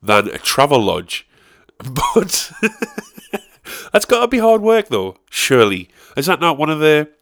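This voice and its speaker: A man's voice: on the high side, huge pitch swings, normal speed, fairly bright tone. A man hosting a podcast, rambling and swearing as he laughs through casual chat. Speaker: podcast host.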